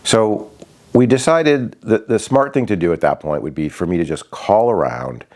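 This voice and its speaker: A man with a very low voice tells a story from his life as a father. His pitch swings widely as he acts out what others said, and he often stops and restarts mid-sentence. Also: lively intonation, darkish tone. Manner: halting, many restarts and fillers, acts out quoted voices. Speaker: father sharing a personal story. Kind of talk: casual personal storytelling.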